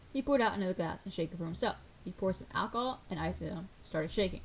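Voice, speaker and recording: Speaking fast, with a medium pitch and lively intonation, a woman performs every role in a visual novel as she reads it aloud. Between lines she drops in relaxed side comments about the game.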